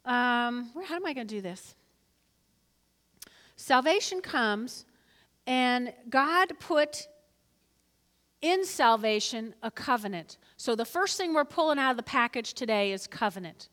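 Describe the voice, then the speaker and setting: A high, bright-toned woman preaching from the pulpit, lively and prompting her congregation to repeat lines back to her. Her voice carries with a long reverb around a large church hall. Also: measured pace, long pauses. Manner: lively, calls for congregation responses. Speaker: pastor. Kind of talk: sermon. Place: church sanctuary.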